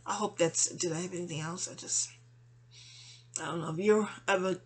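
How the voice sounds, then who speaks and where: A woman vents to a friend in a rambling, exasperated personal monologue packed with slang and side remarks. Her voice sits on the low side with a breathy edge, and she tells her story animatedly at a moderate pace.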